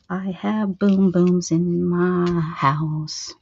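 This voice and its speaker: A woman's voice: mid-range voice, expressive, unhurried, muffled recording. Playful chatty woman crafting live. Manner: playful, chatty, talks to her viewers. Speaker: crafting livestream host. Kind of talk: casual live crafting chat.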